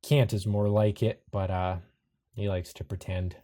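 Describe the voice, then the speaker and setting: A man runs a tabletop horror game in a low voice. His narration is calm and matter-of-fact, calling for rolls between descriptions. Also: unhurried. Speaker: game master.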